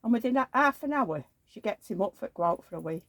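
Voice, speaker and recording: A woman's voice: mid-range voice, expressive, quick pace, a bit bright, no echo. A woman, rambling through homely anecdotes in a chatty vlog and acting out the dialogue. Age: 70s. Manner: rambling anecdotal storytelling, acts out quoted dialogue. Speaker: reborn doll collector.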